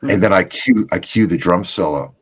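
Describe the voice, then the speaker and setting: A man hosting a casual chat, telling a gig story in an animated way. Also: sits low, normal speed, breathy edge. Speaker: podcast host.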